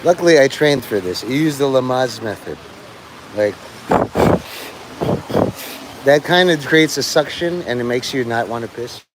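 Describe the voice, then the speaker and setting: A man's voice: mid-range voice, lively intonation, moderate pace, heavy background noise. A middle-aged man rambling crudely in a monologue while out in the rain, swearing and joking to himself. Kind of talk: rambling outdoor livestream monologue. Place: outdoors in the rain near traffic.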